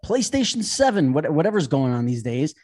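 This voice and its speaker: A man's voice: fairly high pitch, fairly quick. A man recapping reality TV on a podcast, talking casually, swearing a lot and acting out the people he describes. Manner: animated, swearing, acts out people he retells.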